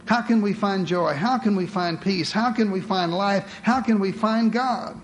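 A man's voice: high voice, unhurried, slight background noise. A man preaching a sermon to a congregation, with dramatic rhetorical questions, calling his listeners beloved.

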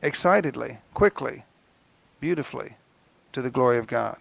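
A man preaching a sermon in an earnest, rhythmic way with dramatic pauses. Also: medium pitch, expressive, vocal fry, no echo. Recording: dull, lo-fi dry recording.

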